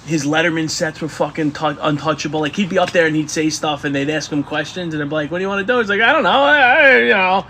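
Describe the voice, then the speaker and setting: A man co-hosting a podcast in casual chat, swearing freely and telling stories in an animated way. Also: fairly high pitch, fast talker, hardly any pauses, slight background noise. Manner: profane, animated storytelling. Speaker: podcast co-host.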